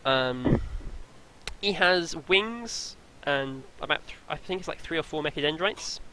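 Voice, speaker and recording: A man running a tabletop game as game master, describing scenes in a halting way with many fillers. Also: a little high, animated, noisy background.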